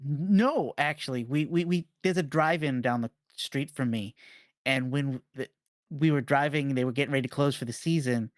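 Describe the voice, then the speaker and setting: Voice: mid-range voice, moderate pace, no echo. A parent guest on a podcast roundtable, telling a family story casually with stammered starts.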